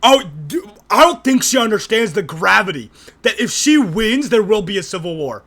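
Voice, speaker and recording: A man's voice: high voice, very animated, normal speed, fairly bright tone. A young man streaming his crude, mocking reaction to a debate, swearing and laughing as he talks over the clips. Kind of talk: profane reaction commentary.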